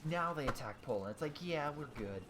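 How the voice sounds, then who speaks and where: A man's voice: a little high, a little fast. A man doing casual commentary over his strategy game, thinking aloud with fillers and restarts and reacting with groans and cheers. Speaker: gaming video host. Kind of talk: casual let's-play commentary. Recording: steady audible background noise.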